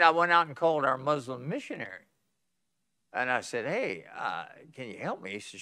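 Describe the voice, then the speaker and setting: A man's voice: mid-range voice, big pitch swings, moderate pace, sharp tone. A man in his eighties from West Virginia, a pastor with a West Virginian accent, telling folksy stories at a conference sermon and chuckling often. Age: 80s. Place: church conference hall.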